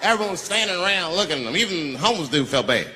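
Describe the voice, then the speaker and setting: A man's voice: high-pitched, sing-song, racing. A man doing a stand-up comedy routine on stage, telling a profane story with big swings in his voice. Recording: live crowd laughter over loud room noise.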